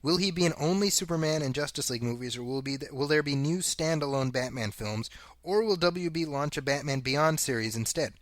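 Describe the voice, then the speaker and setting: A man's voice: fairly high pitch, a little fast, dry recording, clean studio sound. A man co-hosting a casual movie podcast, reading listener comments aloud and laughing often. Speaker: podcast co-host. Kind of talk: casual chat.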